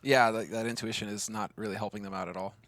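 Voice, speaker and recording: A man's voice: on the low side, steady tone, fast talker, fairly bright tone, dry recording. A man doing color commentary on a live esports match, joking and hyping the plays with lots of casual fillers. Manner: joking, hype-driven, lots of "you know" and "like". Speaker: esports co-caster.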